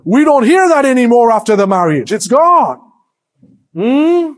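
High-voiced, slow-preaching male pastor. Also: sing-song. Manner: preaches with call-and-response questions to the congregation; swings between hushed low lines and raised emphatic ones. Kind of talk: sermon.

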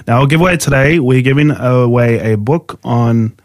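A man's voice: medium pitch, normal speed, dry recording. Dry-sounding male radio co-host. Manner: steady announcing, reads out details. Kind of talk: casual radio chat.

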